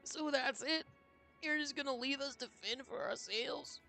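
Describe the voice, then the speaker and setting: A streamer voicing an anxious young woman pressing hard for answers in a high, urgent voice. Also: normal speed, gravelly, pushed and bright, faint music behind, full character voice. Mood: worried.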